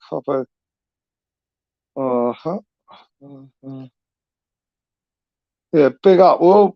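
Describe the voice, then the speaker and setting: A man's voice: fairly high pitch, creaky, dry recording. A man hosting a casual live stream, chatting in slang, tagging questions onto his sentences and reading out viewer comments. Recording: dull, lo-fi, dry.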